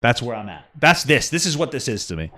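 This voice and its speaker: A man co-hosts a casual podcast, ranting and cursing as he goes. His voice leaps from low mutters up to loud yells, and it sounds dry and close with no room around it. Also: very animated, fast, no echo. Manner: profane ranting, swinging from mutters to yelling. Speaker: podcast co-host.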